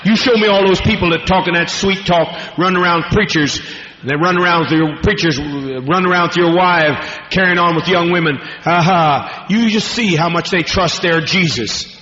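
Guy preaching, high bright voice, cussing and rambling, old dull tape recording. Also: normal speed. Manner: profane, fiery, rambling preaching. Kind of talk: sermon. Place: large hall with congregation. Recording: echoey hall, dull lo-fi archival tape.

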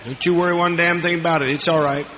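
Profane, commanding male preacher barking orders, bright edge, faint hiss. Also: on the high side, fairly even intonation, fast talker. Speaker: preacher and faith healer. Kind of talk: fiery healing-service sermon. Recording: dull lo-fi archive recording in a reverberant hall.

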